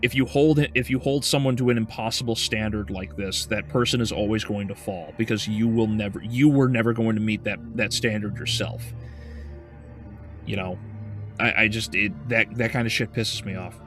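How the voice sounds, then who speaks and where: A man's voice: lowish voice, fairly even intonation, normal speed, a bit bright, faint music behind. A male game streamer in casual livestream chat, ranting heatedly with profanity and frequent stumbling restarts.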